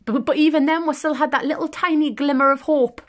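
A woman's voice: sits high, fairly even intonation, fairly quick. A woman from England chatting as a podcast co-host, teasing her partner and telling stories. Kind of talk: casual chat.

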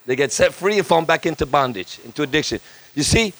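A middle-aged male pastor, preaching a lively sermon with humor, chanted repetition and sudden shifts between loud high bursts and soft low asides. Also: fast. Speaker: guest pastor. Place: church.

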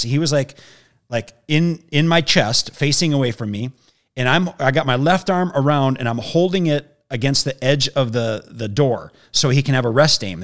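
Animated man telling a story. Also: fairly high pitch. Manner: lively storyteller who acts out the voices in his story.

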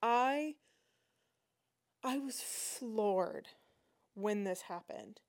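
Animated woman telling a story. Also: on the high side, extremely slow. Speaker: podcast host. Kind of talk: casual storytelling.

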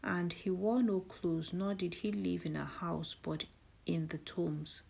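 Devotional host lady, husky breathy voice, low, goes soft and half whispery while praying. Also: fairly even intonation, measured pace. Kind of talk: devotional prayer and scripture reading.

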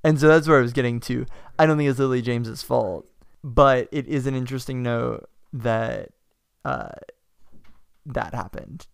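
A man's voice: mid-range voice, normal speed, vocal fry, clear, resonant tone, no room sound, studio quality. A man with a Southern US accent, chatting casually about films as a podcast co-host, opinionated and restarting phrases now and then. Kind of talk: casual film discussion.

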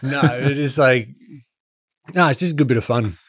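A man's voice: mid-range voice, moderate pace, fairly bright tone, dry recording, clean studio sound. A man and podcast co-host chatting casually, rambling and explaining with lots of restarts. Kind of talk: casual chat.

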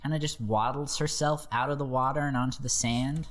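A man's voice: mid-range voice, steady tone, a little fast. A man running a tabletop game as game master, narrating loosely with fillers and chuckles.

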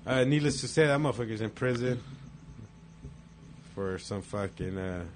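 A man's voice: fairly low pitch, normal speed, a little hiss or hum. A man telling stories in casual chat, profane and laid-back, acting out the quotes.

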